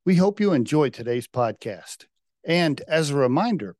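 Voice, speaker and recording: A man's voice: on the high side, very animated, normal speed, darkish tone, no room sound, clean studio sound. A man hosting a podcast, talking loosely and rambling with lots of fillers like uh and you know. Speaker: podcast host. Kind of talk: casual interview chat.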